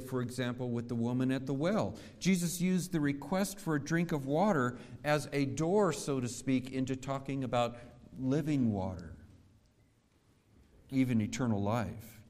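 A man's voice: on the high side, a little mellow. Man preaching in a reverberant hall. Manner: measured preaching, rhetorical questions to the congregation. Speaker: pastor. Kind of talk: sermon.

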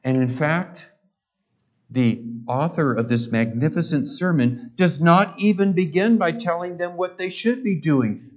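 A man's voice: fairly high pitch, measured pace, darkish tone. A male pastor preaching a sermon, building up emphatic repeated phrases. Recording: dull lo-fi sound.

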